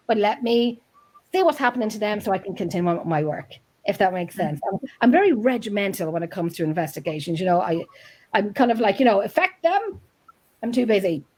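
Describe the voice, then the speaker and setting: A woman's voice: on the high side, lively intonation, quick pace, darkish tone, breathy edge. A woman, a paranormal investigator, chatting on a podcast in a rambling way, often breaking off mid-sentence. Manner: chatty, rambling, self-interrupting. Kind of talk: casual chat.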